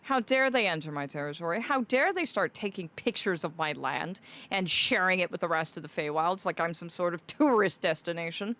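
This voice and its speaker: A woman's voice: fairly low pitch, lively intonation, a little fast, few pauses, fairly bright tone. A young woman streaming live in a fae persona, theatrical and fond, calling her viewers "my dear". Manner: theatrical, greets chatters fondly as "my dear".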